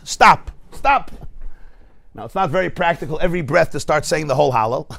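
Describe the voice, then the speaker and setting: A man, a rabbi, teaching a Torah class to a live audience in a study hall, animated and storytelling with humor, mixing in Hebrew terms. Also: high-pitched. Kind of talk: lively Torah class lecture.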